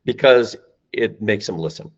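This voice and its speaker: A man with a fairly low voice and moderate pace, a sales company founder, guests on a podcast about sales calls. Emphatic, he acts out phone lines with a rising and falling voice, recorded with lo-fi sound.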